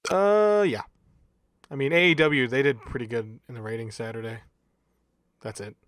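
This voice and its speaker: A mid-pitched man co-hosts a podcast in loose, rambling casual chat with chuckling asides. The sound is dry and close, with no room echo. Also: normal speed, a bit bright. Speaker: podcast co-host.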